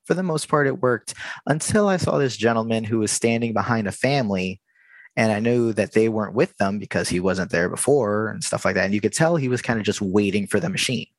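A low-voiced man tells a work story in a casual, talky way, jumping into the dialogue and playing out each exchange. His voice sits dry and close to the mic with almost no room echo. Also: brisk. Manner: animated, acts out the dialogue. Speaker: theme park worker telling a story.

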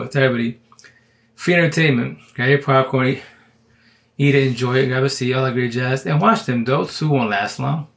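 A man's voice: medium pitch, gravelly, a bit bright. A man hosting a live stream, giving rambling, slang-heavy advice in casual chat.

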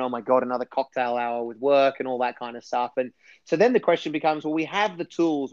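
A man's voice: mid-range voice, no room sound, dull audio. A man talking enthusiastically as a guest in a casual interview, rambling a little with restarts. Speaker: podcast guest.

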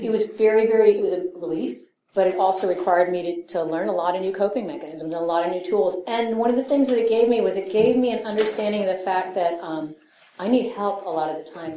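A woman's voice: medium pitch, mellow, reverberant. A middle-aged woman speaking candidly at a recovery meeting, swearing freely, laughing often and acting out the voices of people she quotes. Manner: profane, self-mocking, laughs often, acts out quotes. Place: meeting hall.

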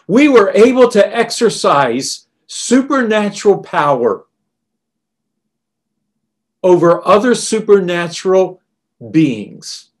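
Guy giving a sermon, takes his time, leans hard on the big words. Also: high voice. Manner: emphatic, deliberate preaching. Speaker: preacher.

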